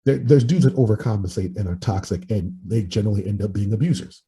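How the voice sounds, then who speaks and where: A man's voice: lowish voice, quick pace, mellow, breathy edge, low-quality recording. A man in his forties talking bluntly in casual podcast chat, giving strong opinions with some swearing. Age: 40s. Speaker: podcast host and life coach.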